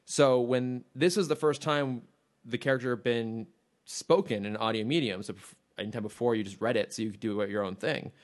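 A man's voice: mid-range voice, a little fast. A man co-hosting a podcast in casual chat, talking enthusiastically and rambling with restarts and fillers. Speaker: podcast co-host.

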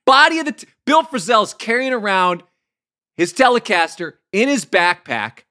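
Musician dude, bright punchy voice, laid back slangy story. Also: male voice, sits high, very animated, normal speed. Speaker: touring musician. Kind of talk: casual chat.

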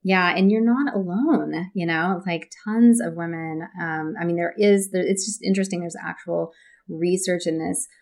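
On a casual podcast, a woman co-host with a lowish, gravelly voice talks at a moderate pace. She's an animated storyteller who acts out quotes and laughs a lot.

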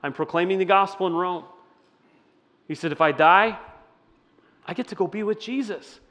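A man with a somewhat high voice leads a sermon in a loose, chatty way and keeps turning questions back to the room. His voice rings out with a long reverb tail, as if he is in a large church hall. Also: normal speed, fairly bright tone. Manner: conversational, asks the audience questions. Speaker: pastor. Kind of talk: interactive sermon.

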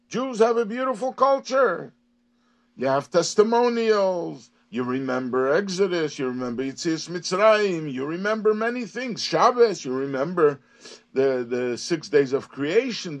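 Male Torah teacher, expressive and emphatic, slightly higher pitch. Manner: reads a Hebrew or Yiddish phrase, then translates and explains; animated, rising and emphatic on key words. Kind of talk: lesson on a daily Hasidic text.

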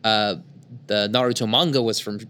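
A man's voice: lowish voice, fairly even intonation, normal speed, sharp tone, clean tone. A man in casual conversation about anime, rambling and trailing off, sometimes slipping into mocking little impressions.

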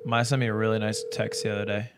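A young man co-hosting a podcast in casual chat, dry and deadpan as he teases the host. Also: fairly low pitch, fast, noisy background. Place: studio, seated beside the host.

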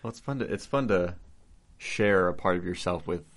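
A young man with a very low-pitched voice talks as a guest in a relaxed conversation. He thinks aloud, restarts his phrases, and speaks in an easygoing, earnest way. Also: moderate pace. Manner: thoughtful, restarts phrases, laughs often. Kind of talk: casual conversation.

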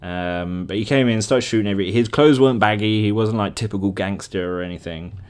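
A man's voice: lowish voice, fairly quick, smooth. A man hosting a podcast, casually retelling a dream in a rambling, chatty way and laughing at himself. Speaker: podcast host. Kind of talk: casual solo storytelling.

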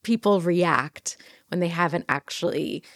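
A woman hosting a podcast, chatting casually and reading headlines aloud with lively asides. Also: fairly low pitch, a little slow, dry recording. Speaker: podcast host.

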